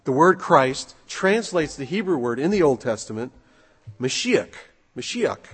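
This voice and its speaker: A man preaching a sermon in a relaxed, conversational way, asking his listeners rhetorical questions and pausing on fillers. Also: on the high side. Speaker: pastor. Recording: husky voice with long hall reverb.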